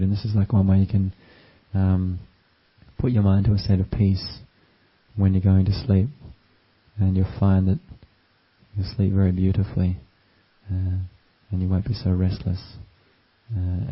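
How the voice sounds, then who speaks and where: A man giving a gentle, unhurried dharma talk as a meditation teacher, with frequent ums and uhs. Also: low voice, completely flat delivery. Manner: gentle, unhurried, with many fillers. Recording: dull lo-fi recording.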